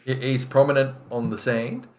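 A man's voice: medium pitch, steady tone, normal speed, darkish tone. A man co-hosting a football podcast, telling stories in a rambling, stop-start way with many restarts. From Australia. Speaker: podcast co-host. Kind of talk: casual chat.

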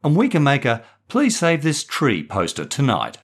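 A man's voice: medium pitch, wildly swooping pitch, slightly rough, pitched above the performer's own voice. A man voicing a girl who is a confident older sister and school captain, in a storybook reading. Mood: reassuring. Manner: brisk, reassuring.

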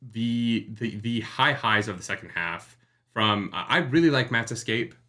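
Bright-voiced man chatting casually. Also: mid-range voice, animated, unhurried. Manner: rambling, jokey, lots of fillers and restarts. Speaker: podcast co-host. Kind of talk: casual book discussion livestream.

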